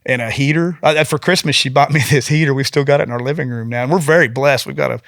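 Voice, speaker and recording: A man in his forties talks in a middle pitch, earnest and rambling as he tells his stories. He slips into other people's voices when quoting them. The sound is dry and close, with no room around it. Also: quick pace, creaky, fairly bright tone, dry recording. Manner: earnest, rambling, acts out quotes. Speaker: guest police officer. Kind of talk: casual podcast storytelling.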